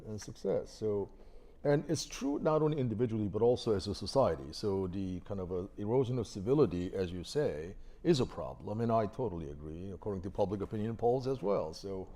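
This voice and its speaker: A man's voice: fairly low pitch, warm tone. A man, a professor, moderating an on-stage conversation and asking long questions with restarts. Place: university event hall.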